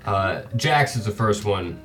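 A man's voice: fairly low pitch, animated, measured pace, a bit bright. Casual male game master, off-mic. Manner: casual, hesitant, sweary. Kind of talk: narrating a tabletop game. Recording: distant mic with faint music.

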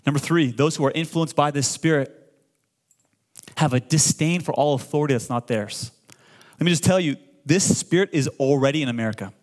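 A man in his forties preaching a sermon, animated and full of call-and-response, often stammering and repeating words when excited. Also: on the high side, fairly quick. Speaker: pastor.

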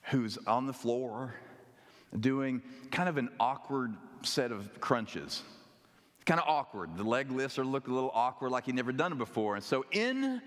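A male pastor preaching a sermon with dramatic pauses and wry humor. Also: medium pitch, fairly bright tone. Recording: echoey hall.

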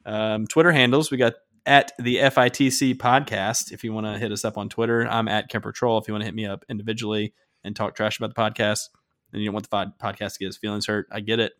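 A man co-hosting a casual podcast, joking around and giving listener shout-outs. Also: on the low side, level tone, fast. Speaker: podcast co-host.

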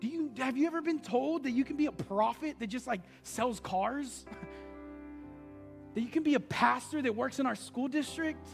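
A man's voice: very high-pitched, moderate pace, creaky, in a large hall, faint music behind. A man preaching a sermon as pastor, telling stories in a loose, conversational way. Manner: conversational storytelling preaching, animated.

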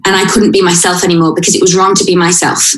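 Woman talking through a hard personal story, halting, lots of restarts, roomy echo. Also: lowish voice, flat delivery, a little hiss or hum. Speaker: interview guest. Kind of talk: personal account in conversation.

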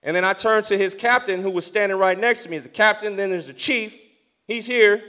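A young man preaching, telling a story from the pulpit and moving between hushed, prayerful passages and loud, excited ones. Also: high voice, a little fast. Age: young adult. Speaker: pastor. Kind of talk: sermon storytelling.

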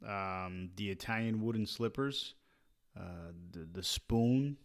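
A man's voice: lowish voice, takes it slowly. A man co-hosting a podcast about fatherhood, chatting in a laid-back way with short quips and easy laughs. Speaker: podcast co-host. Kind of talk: casual chat.

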